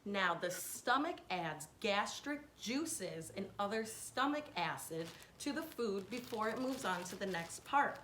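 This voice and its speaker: A woman giving a hands-on science lesson to children, explaining each step clearly and patiently. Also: mid-range voice, expressive, a little slow, hardly any pauses. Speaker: science teacher. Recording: echoey room.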